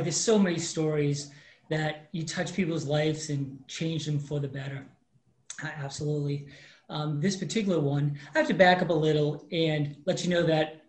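A man in his fifties, a mortgage professional, telling a story in an interview and acting out the people in it. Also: a little high. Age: 50s. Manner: animated storyteller acting out quoted dialogue. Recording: roomy echo.

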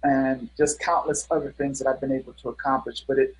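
A man's voice: medium pitch, level tone, brisk, low-quality recording. A middle-aged man, a guest musician, telling stories in a casual interview with an earnest manner and many fillers.

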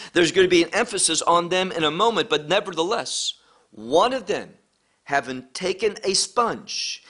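Male Bible teacher, fairly high voice, emphatic, poses and answers rhetorical questions. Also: sharp tone.

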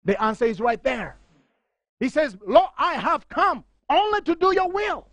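Fired-up high-voiced male preacher. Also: expressive, a little slow, dry recording. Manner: fervent, rising to near shouting; reads scripture passages aloud. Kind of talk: sermon.

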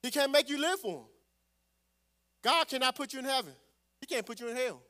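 A man preaching a sermon as pastor, calling out to the congregation and swelling loud on scripture. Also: very high-pitched, lively intonation, brisk.

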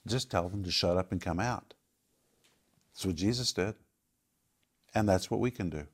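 A man answering viewer questions on a faith talk show, explaining in a calm, confident teaching manner. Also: low voice, normal speed, husky. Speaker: Bible teacher.

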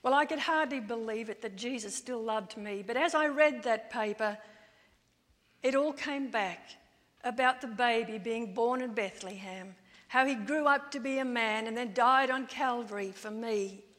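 A woman preacher retelling, in first person, the testimony of a lonely widowed woman, told quietly and confessionally. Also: on the high side, normal speed, close to an everyday voice. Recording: long church-hall reverb.

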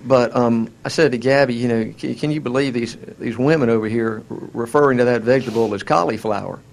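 A man's voice: medium pitch, fairly even intonation, fast, darkish tone. A man with a Southern American accent, co-hosting a casual chat in a wry, self-mocking way with frequent restarts. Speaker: co-host.

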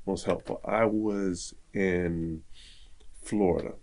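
A man's voice: deep voice, takes it slowly. A man telling a personal story in casual conversation, acting out the voices of people in it. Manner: animated, acts out quoted dialogue.

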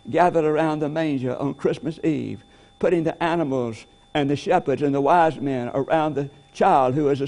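A man preaching a Christmas sermon, earnestly slowing down to stress key phrases. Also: on the high side, vocal fry, a little mellow.

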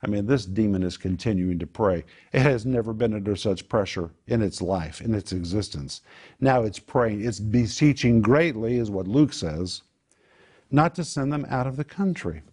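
A man preaching a sermon in an animated, emphatic way, posing rhetorical questions and answering them himself. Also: lowish voice, moderate pace, husky.

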